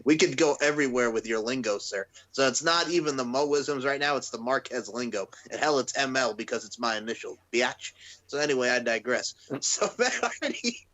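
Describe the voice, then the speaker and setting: Bright-voiced rambling podcast man. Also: medium pitch, brisk. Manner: chatty, rambling, laughing asides. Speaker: podcast co-host. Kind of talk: casual wrestling chat.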